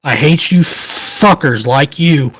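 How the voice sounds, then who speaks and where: A man's voice: fairly high pitch, slow pace, fairly bright tone, breathy edge, no room sound. A man, hosting a podcast, ranting in anger, swearing hard and stumbling over repeated words, shaking with rage. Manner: profane, heated, stammering. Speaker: podcast host. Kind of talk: angry ranting commentary.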